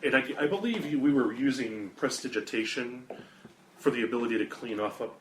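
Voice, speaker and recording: A man at a tabletop game, cracking crude jokes among friends. His voice has a middle pitch. The room echoes around him. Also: fairly quick, a little hiss or hum. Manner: joking, crude. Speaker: player. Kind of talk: casual tabletop game chat. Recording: roomy room echo.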